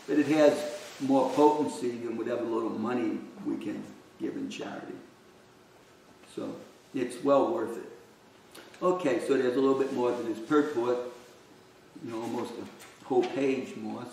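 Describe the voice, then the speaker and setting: A man giving a devotional scripture class in a conversational way, full of "you know", then reading a passage aloud slowly and deliberately. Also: mid-range voice, vocal fry, darkish tone. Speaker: class speaker. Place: temple hall. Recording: echoey room, distant mic, faint noise.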